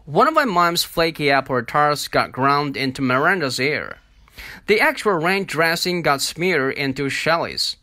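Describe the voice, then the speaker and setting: A man narrating an audiobook in an expressive, unhurried storytelling manner. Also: on the high side, no room sound. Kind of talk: audiobook reading.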